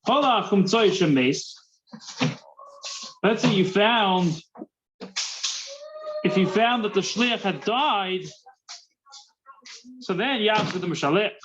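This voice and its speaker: A man's voice: sits high, expressive, slow pace, pauses often, highs cut off, noisy background. A man teaching a Talmud class, mixing Hebrew terms into English and often repeating words as he thinks.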